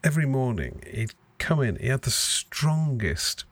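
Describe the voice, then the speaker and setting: A man's voice: mid-range voice, sing-song, unhurried. A man hosting a casual podcast chat, joking and swearing freely. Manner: sweary, self-mocking. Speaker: podcast host.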